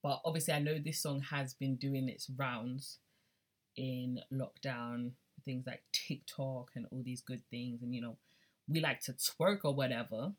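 A woman with a low, husky voice talking through her favourite songs on her podcast. She is chatty and loose, slipping from one accent to another as she goes. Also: fairly even intonation, a little slow. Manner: chatty, drifts between accents. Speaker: podcast host. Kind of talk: casual music chat.

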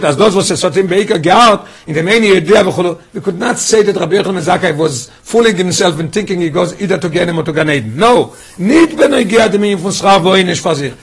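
A man's voice: high-pitched, a bit bright, breathy edge. A man teaching a Torah study class, often asking the students questions and restarting his phrases.

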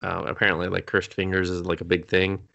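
A man's voice: low voice, monotone, brisk, creaky, sharp tone. A young man on a podcast casually recapping an anime episode, rambling, laughing often and coughing now and then. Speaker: podcast co-host.

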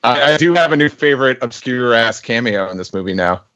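A man's voice: mid-range voice, lively intonation, fairly quick, a bit bright, no room sound, lo-fi sound. A man on a casual podcast chat who talks hesitantly, with many filler sounds.

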